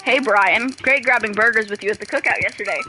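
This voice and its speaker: Woman reading eager game dad, bright, hammy pirate bits, faint music behind. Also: on the high side, fast, low-quality recording. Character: upbeat suburban dad, eager and competitive.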